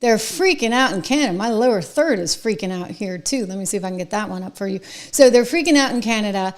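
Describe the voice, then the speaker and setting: Female show host, emphatic and chatty, mid-range voice, excitable commentary delivery. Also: medium pitch, fast talker. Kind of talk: opinion commentary.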